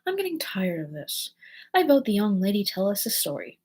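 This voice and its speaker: A woman's voice: medium pitch, big pitch swings, brisk, darkish tone, slightly rough. A woman voicing a bored, pushy male hare in a storybook, who talks impatiently and interrupts.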